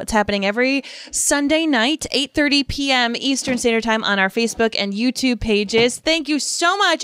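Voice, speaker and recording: A woman's voice: on the high side, fairly bright tone, clear, resonant tone, no echo. A woman with a Rhode Island accent, a blend of Boston and New York, co-hosting a podcast from her home studio in bubbly, chatty banter. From Rhode Island, USA. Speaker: podcast co-host. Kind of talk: casual podcast chat.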